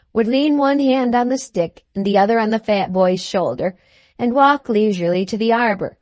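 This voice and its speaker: A woman narrating an audiobook of a classic novel in a measured, unhurried way. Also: fairly high pitch, darkish tone, no room sound. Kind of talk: scripted narration.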